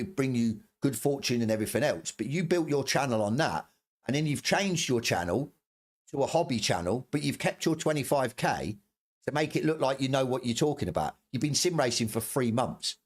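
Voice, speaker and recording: A middle-aged man vents on his stream in a heated, profane rant. He stumbles, restarts and repeats phrases as his temper climbs, with an average-pitched voice. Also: lively intonation, a little fast. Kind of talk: angry ranting commentary.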